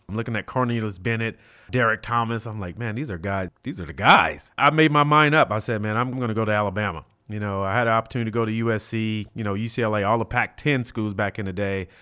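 A man's voice: lowish voice, smooth. A middle-aged man from South Central Los Angeles, a former college football player, telling stories in a casual interview. He acts out the dialogue and fills his speech with "you know.". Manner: animated, acts out quoted dialogue, many fillers like "you know".

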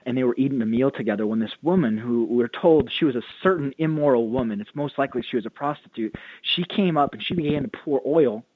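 A man's voice: medium pitch, fast, hardly any pauses, dry recording. A man, a pastor and author, telling stories earnestly as a radio interview guest. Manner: earnest storytelling, acts out quotes. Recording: tinny phone line, dry.

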